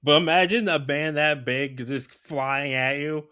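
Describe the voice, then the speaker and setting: A man's voice: a little high, unhurried, pushed and bright, clean tone. A man co-hosting a wrestling podcast, talking casually with frequent restarts and fillers. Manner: hesitant, restarts, many "like"s. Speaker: podcast co-host. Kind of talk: casual chat.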